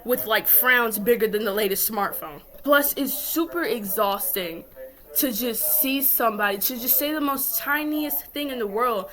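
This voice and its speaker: A woman's voice: a little high, moderate pace, fairly bright tone. A young woman, talking to camera in a casual rant, mocking and then lecturing firmly. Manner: laughs hard and mocks, then lectures firmly. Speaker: vlogger.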